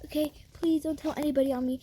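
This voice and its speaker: A woman's voice: high-pitched, steady tone, quick pace, a little hiss or hum, voice pushed up, close to an everyday voice. A woman voicing a caught-out young female scammer who begs and repeats herself. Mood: pleading. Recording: loud video game music behind.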